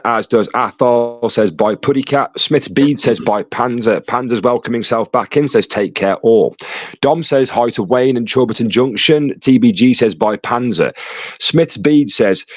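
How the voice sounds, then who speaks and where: A man hosting a live stream, reading chat messages aloud with quick joking asides. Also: mid-range voice, dry recording. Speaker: livestream host reading chat. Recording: dull lo-fi dry sound.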